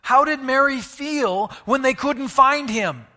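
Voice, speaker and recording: A man preaching a sermon, animated, asking the congregation questions and moving between loud and hushed delivery. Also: extremely high pitch, takes it slowly, big-room sound. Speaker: pastor.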